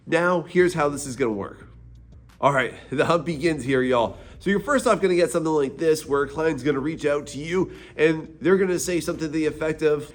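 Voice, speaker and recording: A man's voice: a little high, a little fast. A man teaching art sales as a mentor, talking casually and energetically straight to the viewer. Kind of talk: direct-to-camera teaching video.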